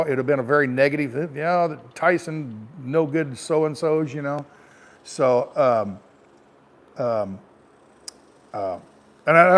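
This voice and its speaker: A middle-aged American man, a truck driver, telling a rambling, frank story to camera in a casual way. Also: medium pitch.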